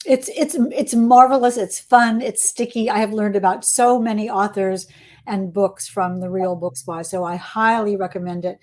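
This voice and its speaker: A woman's voice: medium pitch, fairly even intonation, moderate pace, a little mellow. Woman, livestream interview host, enthusiastic, gushing, reads viewer questions.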